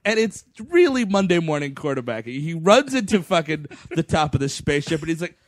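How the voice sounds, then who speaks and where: A man's voice: fairly high pitch, a little fast, dry recording, studio quality. A man co-hosting a podcast, recapping a film and acting out its lines with laughter. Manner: animated retelling, acts out lines, laughs often. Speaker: podcast co-host. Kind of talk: casual movie recap chat.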